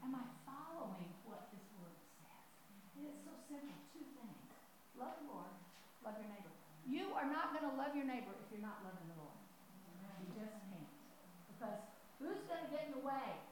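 Animated, chatty woman teaching the Bible. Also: fairly high pitch, normal speed, background noise. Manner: conversational and animated, with asides and rhetorical questions. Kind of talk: sermon-style Bible teaching.

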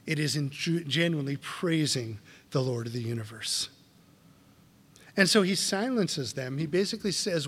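A man preaches from the pulpit in an emphatic, animated way, circling back with repeated phrases and rhetorical questions. His voice sits a little high for a man. The sound rings with the long reverb of a large hall. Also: husky. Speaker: pastor. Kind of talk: sermon.

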